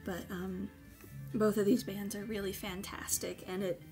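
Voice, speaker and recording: A woman's voice: mid-range voice, flat delivery, moderate pace, over music. A woman chatting casually as a vlogger, gushing and effusive, with hesitant fillers. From United States. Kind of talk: casual unboxing chat.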